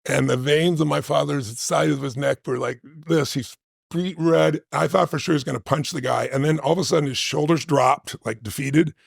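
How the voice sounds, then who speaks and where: Gravelly, husky man telling a story. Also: a little high, fairly even intonation, normal speed, no echo, studio quality. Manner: vivid storytelling, acts out quotes. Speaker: podcast guest. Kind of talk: personal storytelling in a podcast interview.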